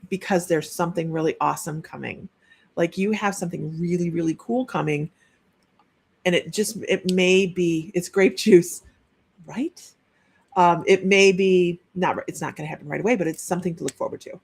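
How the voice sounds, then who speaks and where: A woman's voice: fairly low pitch, moderate pace, creaky, darkish tone, slightly rough. A woman working as a psychic medium, giving a chatty live-streamed reading and relaying messages with frequent restarts.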